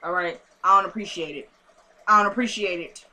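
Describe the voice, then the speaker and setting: A young woman recapping a TV episode in a chatty, animated way, talking straight to her viewers. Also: fairly low pitch, brisk, a little hiss or hum. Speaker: TV episode reviewer. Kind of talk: casual recap to camera.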